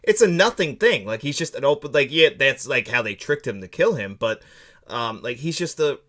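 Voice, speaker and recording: A man's voice: medium pitch, animated, normal speed, a bit bright. A man co-hosting a film podcast, chatting casually with frequent laughs and lots of "like". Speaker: podcast co-host. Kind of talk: casual film review chat.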